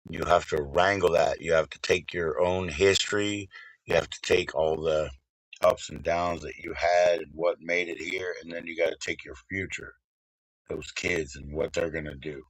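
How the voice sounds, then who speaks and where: A man's voice: deep voice, a bit bright, no room sound, poor audio. A man hosting a livestream, chatting casually with a guest in a rambling, profane way and laughing often. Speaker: livestream host.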